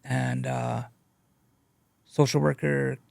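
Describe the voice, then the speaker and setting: A man sharing his addiction recovery story as a guest speaker. He talks in a halting, earnest way and leans on "you know" a lot. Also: mid-range voice, little pitch movement, creaky, a little mellow, no echo. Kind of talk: personal testimony, casual storytelling.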